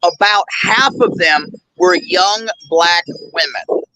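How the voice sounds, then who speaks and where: A man's voice: sits high, takes it slowly, bright, forceful tone, low-quality recording. A male host telling a rambling, indignant story in a casual chat, full of fillers. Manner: blunt and indignant. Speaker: show host.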